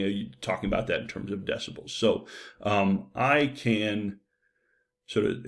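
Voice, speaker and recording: A man giving a university psychology lecture in a loose, conversational way, with frequent fillers and "right?" checks. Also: fairly low pitch.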